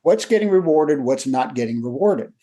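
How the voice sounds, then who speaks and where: An older man, a leadership coach, talking through lessons in a relaxed interview and acting out the people in his stories. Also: on the high side, moderate pace. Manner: animated storyteller who acts out quotes. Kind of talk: conversational storytelling.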